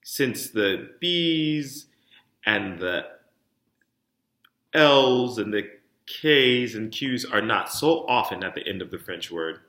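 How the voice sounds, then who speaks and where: A middle-aged man leads a French pronunciation lesson. His tone is bright and forceful, and he speaks at an unhurried pace. He punches each drill word, then drops to a softer voice to explain, and the room gives everything an echo. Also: on the low side. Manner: drills words with strong emphasis, then explains softly. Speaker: diction teacher. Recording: roomy echo.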